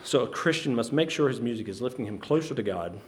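A man's voice: mid-range voice, expressive. Earnest man giving a sermon. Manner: earnest, halting with frequent restarts. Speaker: preacher.

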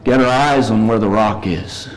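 A man preaching a morning sermon, reading scripture slowly and earnestly and pleading with his listeners. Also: lowish voice, a little hiss or hum, poor audio. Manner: reads verses slowly and earnestly, pleads with rising intensity.

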